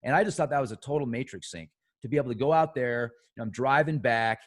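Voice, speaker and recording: Rambling excitable man monologuing. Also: mid-range voice, fast. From United States. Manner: excitable, swings loud and soft, trails off. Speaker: conspiracy show host.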